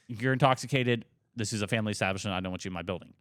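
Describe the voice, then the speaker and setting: A man in his twenties on a podcast, telling a story in casual chat, animated, heavy on swearing and fillers. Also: mid-range voice, quick pace, hardly any pauses, no room sound, studio quality. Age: 20s. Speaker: podcast co-host.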